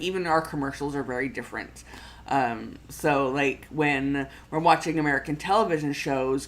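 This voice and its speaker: A woman's voice: sits low, a little hiss or hum. A middle-aged Canadian woman with a Canadian accent, hosting a planning livestream in a casual, rambling chat full of fillers and restarts.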